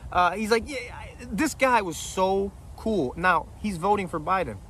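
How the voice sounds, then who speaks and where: Man in his forties, high-pitched voice, heated storytelling, profane, blunt. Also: a little slow, bright, forceful tone, slight background noise. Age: 40s. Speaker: vlogger telling a story.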